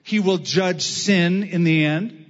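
A man preaching a sermon as pastor, slow and emphatic with drawn-out phrases. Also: high-pitched, big-room sound, lo-fi sound.

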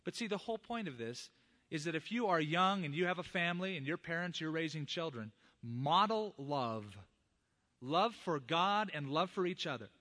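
A man's voice: on the high side, lively intonation, moderate pace, sharp tone. A middle-aged man, a pastor, preaching a sermon and earnestly addressing the fathers in the congregation.

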